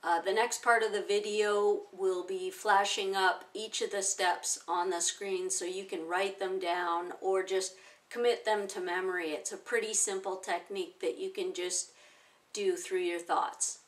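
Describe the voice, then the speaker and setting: A woman in her forties, a self-help teacher, calmly walking through a technique step by step with everyday examples. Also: medium pitch, measured pace, recorded from a distance. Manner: calm, explaining step by step with plain examples. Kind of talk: instructional talk to camera.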